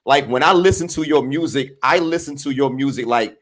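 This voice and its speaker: A man's voice: mid-range voice, a little fast, fairly bright tone. A man from Washington, D.C. hosting a podcast interview, enthusiastic and slangy. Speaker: podcast host. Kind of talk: casual interview chat.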